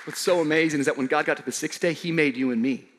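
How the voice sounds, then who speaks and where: A man preaching a sermon to a live congregation, casual and slangy, swinging from shouted emphasis to quiet low asides. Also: quick pace, a faint crowd, a little hiss or hum. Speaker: pastor.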